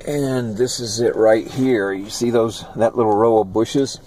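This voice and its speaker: A man's voice: mid-range voice, fairly even intonation, measured pace, mellow, slight background noise, rough recording. A man in his sixties telling old stories on a walking tour, rambling and conversational as he points out places on a residential street. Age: 60s. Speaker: YouTube vlogger. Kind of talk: walking tour with personal storytelling.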